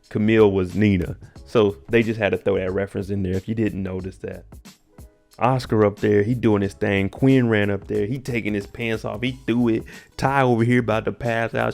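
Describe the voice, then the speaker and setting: Dude recapping a tv episode, gravelly voice, laid back and jokey, soft music behind. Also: male voice, on the low side. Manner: laid-back, joking slang narration. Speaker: TV recap host.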